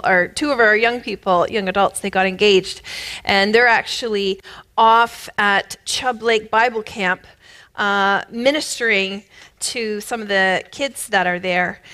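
Bright-voiced woman preaching emphatically. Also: mid-range voice. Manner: emphatic, builds to loud bursts. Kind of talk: sermon.

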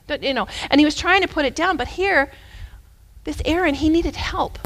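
A woman preacher gives a storytelling sermon at normal speed, her voice high-pitched. She talks in an animated, conversational way, moving between loud and hushed moments.

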